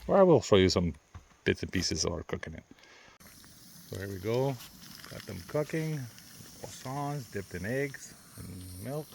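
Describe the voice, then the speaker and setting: A man with a low, gravelly voice chats easily through a camping vlog by a lake. His talk is relaxed and friendly, with faint outdoor noise in the background. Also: unhurried, pauses often. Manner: chatty, easygoing, laughs often. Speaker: vlogger. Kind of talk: casual outdoor vlog narration. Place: outdoors at a lakeside campsite.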